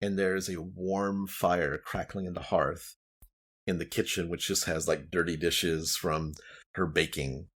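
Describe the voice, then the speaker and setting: A man's voice: sits low, fairly even intonation, a little slow, fairly bright tone, breathy edge. A man narrating a tabletop game as dungeon master, casual and rambling.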